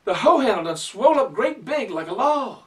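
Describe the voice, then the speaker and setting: A man's voice: extremely high pitch, normal speed, distant mic, pitched above the performer's own voice, exaggerated voice. A man voicing an eager young farm boy, in a told folk tale. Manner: excited, urgent pleading. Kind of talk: oral folk storytelling.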